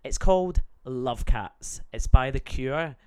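A man's voice: medium pitch, expressive, slow, smooth. Guy hosting a podcast, swears a lot, rambly and jokey. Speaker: podcast host. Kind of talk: casual podcast chat.

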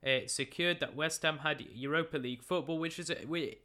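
Bright, chatty young man recapping football. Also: fairly high pitch, a little fast. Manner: chatty, joking, stumbling over names. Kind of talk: casual football results recap. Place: room at a computer.

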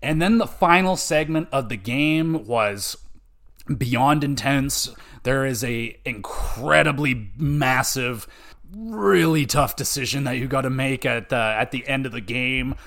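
A young man hosting a podcast, rambling excitedly and cursing freely as he reviews a game. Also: medium pitch, measured pace. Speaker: podcast host. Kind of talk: casual game review chat.

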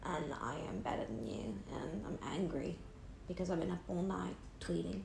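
A smug, angry know-it-all woman lectures in a haughty, superior drawl, as a woman puts her on. The voice is a little low and quieter than usual, and the echoey room adds a faint ambient hum. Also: animated, normal speed, vocal fry.

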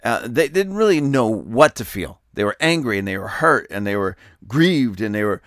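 A man's voice: lowish voice, big pitch swings, normal speed, dry recording, clean studio sound. A man hosting a political commentary podcast who preaches emphatically and tells stories to drive his points home. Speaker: podcast host.

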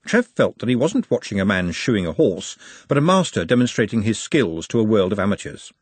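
A man narrating a novel as an audiobook in a wry, expressive way. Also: on the low side, fairly quick, husky, dry recording. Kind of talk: scripted narration.

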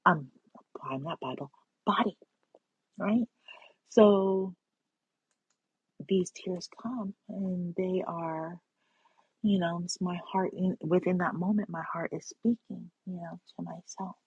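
A woman's voice: on the low side, fairly even intonation, unhurried, creaky, breathy edge, no echo. A woman giving an earnest, spiritual personal monologue, often checking in with "right?" and "you know". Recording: dull lo-fi sound.

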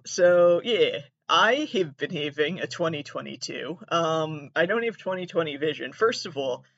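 A woman's voice: sits low, dry recording, highs cut off. Rambling, profane woman podcaster in her twenties. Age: 20s. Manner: rambling, profane, self-deprecating. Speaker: podcast host and comedian. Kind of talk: casual solo podcast monologue.

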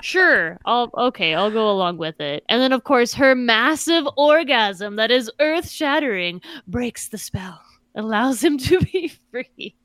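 A woman's voice: fairly high pitch, expressive, unhurried, a bit bright, dry recording. A woman co-hosting a casual podcast chat, talking animatedly and swearing freely, mocking characters in exaggerated voices. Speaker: podcast co-host.

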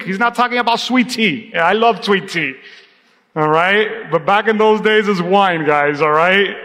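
Man, pastor, preaching a sermon, high voice, church hall reverb, lively call-and-response. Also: measured pace. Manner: preaching with call-and-response, drops to a hushed tone for emphasis. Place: church sanctuary.

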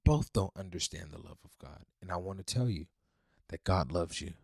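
A man's voice: sits low, animated, moderate pace, creaky, breathy edge, no echo, clean studio sound. Fervent man preaching on a podcast. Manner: fervent, swings from loud preaching to hushed pleading. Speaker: podcast host.

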